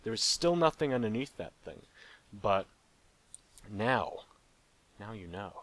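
A man's voice: lowish voice, very animated, slow pace, fairly bright tone. A young man hosting a let's play, rambling playfully and joking with the animals in the game. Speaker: gaming channel host.

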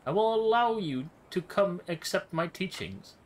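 A man's voice: high voice, lively intonation, a little slow, pitched above the performer's own voice, low-quality recording. A man voicing a pompous male nobleman in his thirties who speaks with haughty, florid insults.

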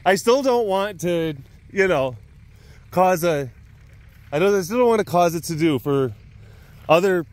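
A man's voice: high voice, expressive, unhurried, pauses often, no room sound. A man vlogging outdoors at an animal sanctuary, telling a rambling story full of sound effects and laughs. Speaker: big cat sanctuary vlogger. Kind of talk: casual storytelling.

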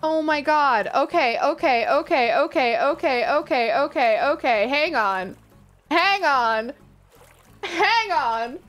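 A woman giving live reaction commentary as a gaming streamer, excitable and gushing, full of exclamations. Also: sits high, slow pace, soft background music.

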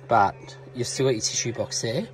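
A man's voice: mid-range voice, moderate pace, faint music behind. A man with an Australian accent chatting casually to a handheld camera while camping in a van, laughing often and talking to his dog. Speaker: vlogger. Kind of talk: casual vlog chat. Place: camper van and campground.

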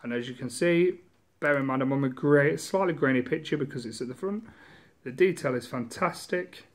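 A man's voice: mid-range voice, normal speed. A man chatting casually through a game unboxing at home, rambling, self-mocking and swearing, recorded on a camera mic. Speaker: gaming vlogger.

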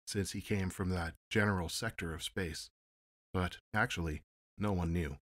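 A man narrating an audiobook in a measured, steady storytelling manner. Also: low voice, dry recording, studio quality. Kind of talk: audiobook reading.

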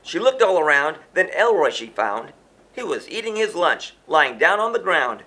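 Guy reading a rhyming kids book, sing-songy, bright voice, pitch all over the place. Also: normal speed. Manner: sing-song, animated reading with chanted refrains. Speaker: storyteller reading a children's book. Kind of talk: rhyming storybook read-aloud.

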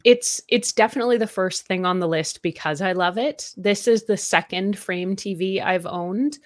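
A woman's voice: medium pitch, moderate pace, no echo, clean studio sound. A woman with a Canadian accent, a tech reviewer chatting as a guest and explaining products in a friendly, thoughtful way. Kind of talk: casual interview chat.

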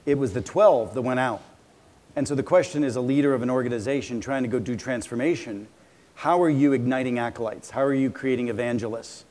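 A man's voice: mid-range voice, brisk, darkish tone. A man with an ordinary mid-range voice hosting a live onstage conversation. He talks with drive and conviction and takes questions from the audience. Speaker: interviewer and moderator.

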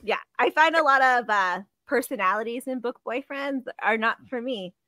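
A woman with a Canadian accent co-hosting a podcast, giggly and animated in casual chat. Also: a little high, moderate pace, no room sound. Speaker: podcast co-host.

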